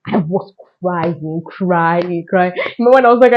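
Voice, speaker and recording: Young Nigerian woman, low-ish voice, animated emotional storytime vlog, dull phone audio. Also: normal speed, few pauses. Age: young adult. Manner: animated, emotional retelling with many fillers. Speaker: vlogger. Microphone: phone camera.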